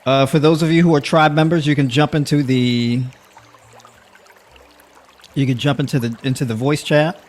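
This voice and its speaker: A man's voice: a little high, fairly even intonation, moderate pace, pauses often. A man hosting a casual livestream, talking to his viewers, laughing often and using plenty of filler words. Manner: addresses audience with y'all. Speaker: livestream host. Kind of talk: casual livestream talk to the chat.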